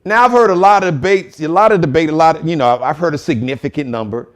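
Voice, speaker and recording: A man hosting a live commentary show, joking and telling stories in an animated way. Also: on the high side, fast talker. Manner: animated, joking, storytelling, shout-outs. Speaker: host.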